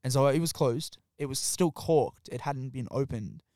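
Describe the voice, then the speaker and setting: A man's voice: mid-range voice, moderate pace, mellow, dry recording, studio quality. Swearing young Australian man. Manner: swearing, laughing storyteller, acts out quotes. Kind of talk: casual chat.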